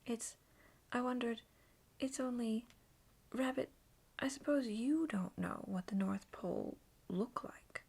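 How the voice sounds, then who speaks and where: A woman whispering as an earnest young boy who speaks solemnly and kindly. The voice is breathy and gravelly, in whispered role-play. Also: on the high side, takes it slowly, darkish tone, exaggerated voice.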